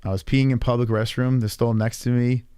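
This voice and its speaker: A man's voice: mid-range voice, flat delivery, fairly quick, noisy background. A man hosting a livestream, chatting casually in a rambling, crude, joking way and reacting to chat messages. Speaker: livestream host.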